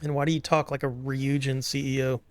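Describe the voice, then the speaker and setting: A man's voice: medium pitch, flat delivery, fairly quick, no room sound. A man casually commenting over a video game with joking, sarcastic asides. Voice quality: gravelly. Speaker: gameplay streamer.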